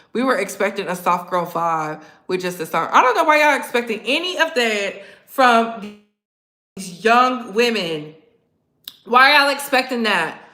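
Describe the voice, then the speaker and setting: A woman host giving blunt, sassy, profane commentary, telling stories with animated asides. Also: medium pitch, roomy sound. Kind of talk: casual commentary vlog.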